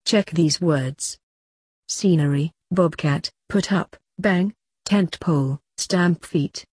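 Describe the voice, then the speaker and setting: A woman reading English textbook phrases and a short letter aloud for learners, clear and deliberate. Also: lowish voice, a little mellow, no room sound, studio quality. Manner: clear, deliberate, evenly paced. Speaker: textbook audio narrator.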